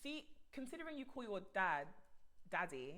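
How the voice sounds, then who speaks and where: A woman's voice: mid-range voice, sing-song, moderate pace, a bit bright. A woman hosting a casual podcast chat, playful and teasing, laughing often. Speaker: podcast host.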